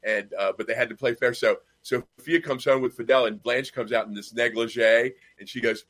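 A man's voice: mid-range voice, steady tone, a little fast, hardly any pauses, a bit bright, low-quality recording. A man in his fifties chatting and telling stories with jokes over a video call. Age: 50s. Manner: storytelling, joking. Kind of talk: casual chat.

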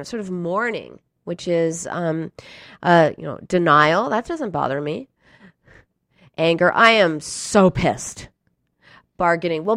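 This self-help speaker is a grown woman with a medium-pitched voice, recorded in clean studio sound without echo. Speaking straight to her audience in a relaxed advice session, she stays earnest and emphatic and now and then dramatizes emotions briefly.

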